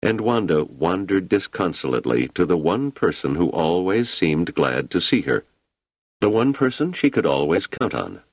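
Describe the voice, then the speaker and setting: A man narrating an audiobook with an expressive, dramatic reading. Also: sits low, moderate pace, slightly rough, dry recording.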